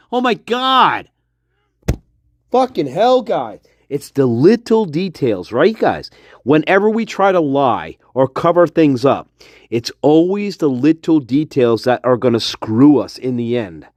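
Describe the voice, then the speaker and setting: A man's voice: a little high, darkish tone, no room sound, clean studio sound. A man hosting a livestream, ranting in a heated, profane and repetitive way. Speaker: livestream host.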